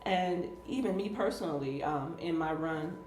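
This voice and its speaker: A woman hosting a casual interview chat, talking in an earnest, reflective and measured way. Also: low-pitched, a little mellow. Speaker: host and political candidate. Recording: echoey room with faint noise.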